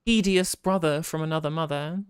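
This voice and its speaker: A woman's voice: low voice, steady tone, clean tone, dry recording. Dry-witted woman co-host. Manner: dry, quick-witted quips. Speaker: livestream co-host. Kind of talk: casual livestream chat.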